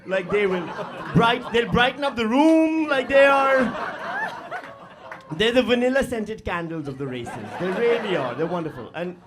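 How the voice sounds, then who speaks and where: High, lively male stand-up comedian. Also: slight background noise. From Pakistan. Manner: animated, loud bursts and mock voices. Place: live comedy venue with audience.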